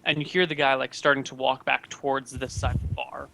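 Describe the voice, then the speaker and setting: A man narrating as game master in a tabletop game, casual and halting with many fillers. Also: medium pitch, little pitch movement, vocal fry, sharp tone, slight background noise.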